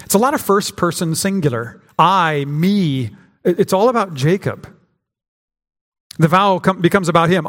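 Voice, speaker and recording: A male pastor delivers a sermon in a conversational, searching way, often restarting his sentences and acting out quotes. His voice sits fairly high for a man. The sound rings with the long reverb of a church sanctuary. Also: moderate pace, fairly bright tone. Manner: conversational preaching with frequent restarts and acted-out quotes.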